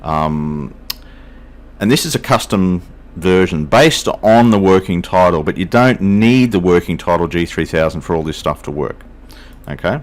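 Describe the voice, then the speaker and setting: A man's voice: sits low, animated, measured pace. An older man, chatting casually as he hosts a flight simulator video, folksy and self-deprecating. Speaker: flight sim video host. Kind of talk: casual commentary.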